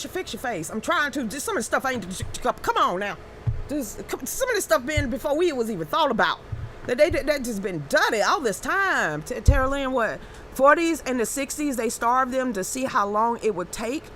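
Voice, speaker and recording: An excitable woman hosts a casual live stream, reading viewers' comments out loud at normal speed. Her fairly high voice trips over restarts before breaking into exclamations, with a faint hum running in the background.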